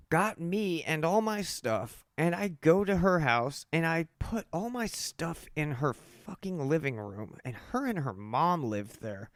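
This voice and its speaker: A man's voice: fairly high pitch, smooth, dry recording. A man candidly telling his own addiction story in a casual, emphatic, profane way.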